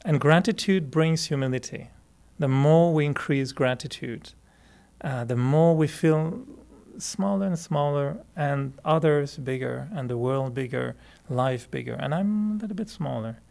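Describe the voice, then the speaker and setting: Speaking to a group at a measured pace, a man with a mid-range, creaky voice leads a meditation session casually and conversationally. He is a native French speaker with a French Canadian accent who laughs a lot and frequently starts sentences over.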